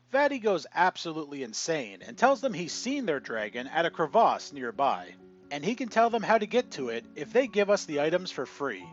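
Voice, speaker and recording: A man narrating a scripted tabletop gaming story in an animated storytelling manner. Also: on the high side. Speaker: channel narrator. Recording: dull lo-fi audio with faint music.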